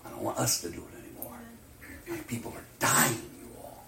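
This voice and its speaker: Male pastor, sermon delivery, animated swings from loud to hushed, distant mic in an echoey church, faint room ambience. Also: medium pitch, brisk, creaky, slight background noise. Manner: animated, swings from loud outbursts to near-whispers.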